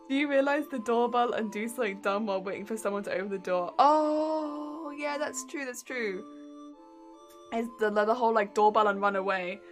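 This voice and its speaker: A young woman with a British accent streams from home and chats with her viewers. Her voice sits a little high, and she talks in a giggly, rambling way. Faint music plays softly under her. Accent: British English. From England. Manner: giggly and chatty, reacting to chat. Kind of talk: casual live-stream chat.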